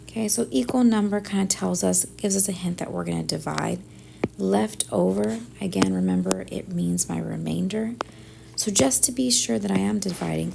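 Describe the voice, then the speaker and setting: A woman teacher working through division word problems step by step, thinking aloud and often dropping to a soft near-whisper. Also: mid-range voice, vocal fry, very noisy. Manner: thinks aloud step by step, often softly under her breath. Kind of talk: math lesson walkthrough.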